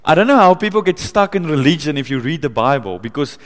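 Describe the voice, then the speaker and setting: A man's voice: fairly high pitch, fast talker. Chatty male preacher in a reverberant hall. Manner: conversational, laughs often, grows excited. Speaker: pastor. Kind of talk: sermon. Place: church.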